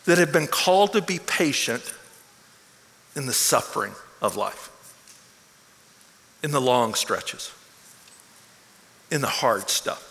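A man's voice: high-pitched, bright, forceful tone. A man preaching a sermon to his church with energy, often stumbling and restarting his words. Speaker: pastor. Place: large church auditorium. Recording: long hall reverb.

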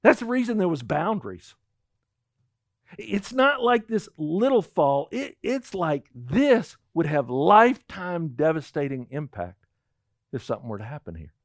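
A man's voice: on the high side, measured pace, dry recording, clean studio sound. A middle-aged male pastor telling a personal story in a sermon, acting out the lines of the people in it. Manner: animated storytelling, acts out quotes.

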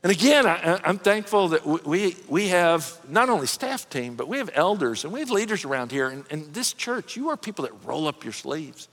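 A middle-aged pastor with a notably high voice delivers an earnest, folksy sermon. He restarts his sentences and drops casual asides as he goes. A long hall reverb trails behind his voice. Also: big pitch swings, fairly quick, few pauses, fairly bright tone. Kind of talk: conversational sermon.

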